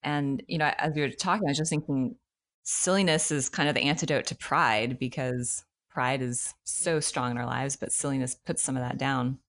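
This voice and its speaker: A woman's voice: a bass voice, fairly even intonation, moderate pace. A woman, a mother, in casual conversation, speaking thoughtfully and openly about her own habits. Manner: thoughtful, earnest, admits her own struggles. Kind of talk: casual chat.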